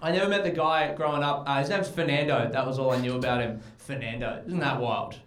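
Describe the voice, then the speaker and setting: A man's voice: a little high, fast. A young Australian man doing stand-up comedy and crowd work, brash and profane, often laughing at his own jokes. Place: comedy club stage. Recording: roomy live club sound with crowd. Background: audience laughter.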